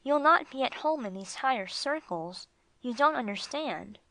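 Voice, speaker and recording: A woman's voice: high-pitched, lively intonation, moderate pace, sharp tone, no room sound, pitched above the performer's own voice, heavily acted, poor audio. A woman voicing a polite, curious young male dog who asks careful questions in an audiobook.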